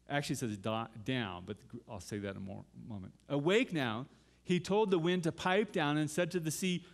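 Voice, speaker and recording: A man's voice: a little high, lively intonation, moderate pace, vocal fry. A middle-aged man preaching a sermon as pastor, dramatically reading scripture and acting out pleas to God.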